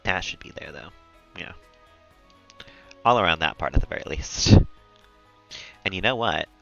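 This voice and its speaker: A man's voice: low-pitched, expressive, moderate pace, vocal fry, a bit bright, lo-fi sound, soft background music. A man live-streaming a game, rambling and chatty, often laughing at his own jokes. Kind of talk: casual gameplay commentary.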